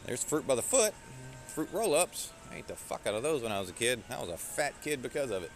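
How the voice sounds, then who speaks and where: A man's voice: medium pitch, very animated, fast, soft background music. A man live-streaming while he shops, talking casually and rambling with plenty of swearing. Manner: rambling, profane, jokey. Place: shop aisles indoors. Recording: noisy shop background.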